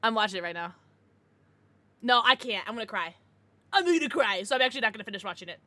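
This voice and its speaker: A woman streamer with a fairly high, bright, sharp voice that swings widely in pitch. She chats casually with her viewers, excitable and quick to swear. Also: no echo. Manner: laughs and gasps often. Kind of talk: casual livestream chat with viewers.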